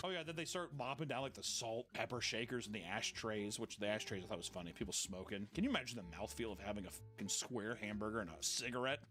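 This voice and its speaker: A man's voice: mid-range voice, animated, racing, hardly any pauses, a bit bright, faint music behind. A man giving comedic reaction commentary, sarcastic and profane, often slipping into jokey voices. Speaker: commentary host.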